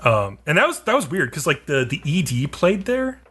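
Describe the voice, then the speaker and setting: A man's voice: fairly high pitch, sing-song, moderate pace, sharp tone, breathy edge. A man co-hosting a podcast, casually recapping an anime episode in a rambling, filler-heavy, profane way. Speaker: podcast co-host.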